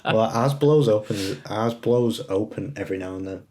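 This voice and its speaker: A young man co-hosting a casual podcast over a remote recording, chatting like a film buff and pausing often on "uh". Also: lowish voice, dark tone. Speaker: podcast co-host. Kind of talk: casual chat. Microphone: remote call recording.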